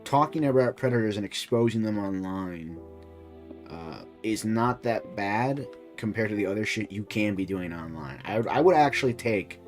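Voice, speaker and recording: A man's voice: on the low side, animated, normal speed, faint music behind. A young man streaming, reacting to a video with rambling, profane casual commentary full of restarts.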